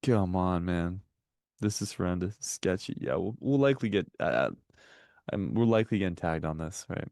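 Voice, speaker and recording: A man with a low, gravelly voice co-hosts a live trading stream, joking and chatting straight to his viewers. His voice is recorded close on a desk mic, with a dry sound and almost no room in it. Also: lively intonation, moderate pace, darkish tone, no room sound. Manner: chatty, joking, addresses chat often. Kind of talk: casual live-stream commentary.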